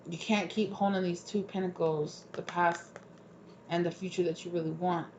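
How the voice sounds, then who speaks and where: A woman tarot reader talks through a reading in a loose, chatty way, sounding tired. Her voice sits on the low side, with faint noise in the background. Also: fairly even intonation, moderate pace, darkish tone, highs cut off. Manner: casual, chatty, repeats "right?". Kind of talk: casual spoken tarot reading.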